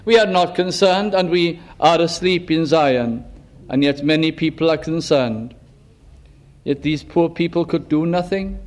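Male preacher, high-pitched, earnest, asks pointed questions and sinks to a hush. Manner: earnest, probing rhetorical questions, drops to a hush. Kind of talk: sermon.

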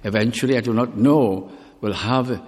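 A man's voice: mid-range voice, normal speed. A man preaching a sermon in an earnest, questioning manner, speaking straight to each listener. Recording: long reverb of a hall.

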